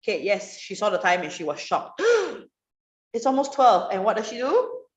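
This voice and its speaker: Lively woman teaching on a roomy call. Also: medium pitch, fairly quick. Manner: lively, prompting students and praising answers. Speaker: writing workshop teacher. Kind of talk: online class, question and answer. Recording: roomy, dull online class audio.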